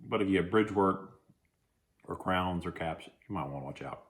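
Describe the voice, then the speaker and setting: A man's voice: low-pitched, moderate pace, slight background noise. Chatty Texan man reviewing snacks. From Texas. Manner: chatty, rambling, with frequent restarts. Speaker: food reviewer. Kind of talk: casual food-tasting vlog. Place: at home.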